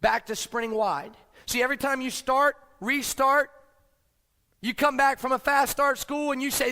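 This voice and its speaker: A man giving a fired-up motivational business speech, swinging from low, quiet lines to shouting. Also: steady tone, moderate pace. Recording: long hall reverb.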